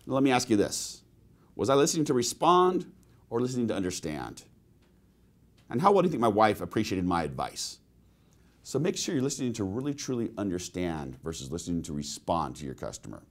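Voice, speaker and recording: Animated male sales trainer. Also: lowish voice, brisk. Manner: animated storytelling with rhetorical questions to listeners. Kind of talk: webinar sales presentation with personal anecdotes.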